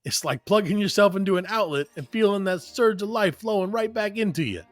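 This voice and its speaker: A man putting on the voice of an overeager male pitchman, reading a supplement ad in a hammy, salesy way. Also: big pitch swings, moderate pace, fairly bright tone, no room sound. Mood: hyped.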